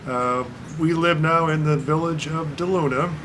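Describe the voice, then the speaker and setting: A man's voice: on the high side, fairly even intonation, normal speed. Hesitant man from Illinois, noisy room. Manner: hesitant, filler-heavy. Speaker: interviewee.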